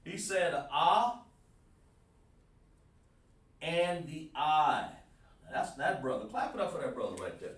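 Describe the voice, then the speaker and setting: Very animated yet slow, with long pauses, this male Hebrew teacher has a fairly high voice. The South Carolina native leads an online lesson informally, repeating himself and speaking to students by name, captured by a faraway mic in a reverberant room.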